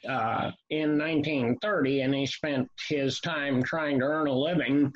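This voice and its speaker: A man in his seventies, an author guest, recalling his reading in a measured way with frequent "uh" pauses. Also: mid-range voice, fairly even intonation. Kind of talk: casual interview chat. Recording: lo-fi, muffled sound.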